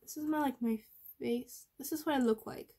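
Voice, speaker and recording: A woman's voice: high-pitched, moderate pace, dark tone. A teenage girl rambling in a casual vlog, full of fillers and restarts, her voice worn from being sick. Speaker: vlogger.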